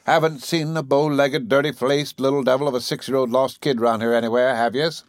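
A man's voice: medium pitch, steady tone, fairly quick, no room sound, studio quality, lightly acted. A man voicing a pompous, henpecked old major who blusters. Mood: gruff.

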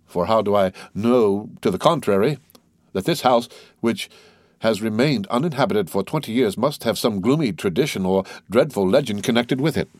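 Man voicing an urbane count, low and measured, dry sound. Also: expressive, a little mellow, dry recording. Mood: courteous. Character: urbane, composed middle-aged count, quietly commanding.

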